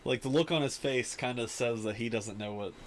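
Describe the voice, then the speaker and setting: A man's voice: medium pitch, fairly quick, a little hiss or hum, rough recording. A man hosting a podcast, recapping casually with lots of fillers. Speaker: podcast host. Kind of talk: casual chat.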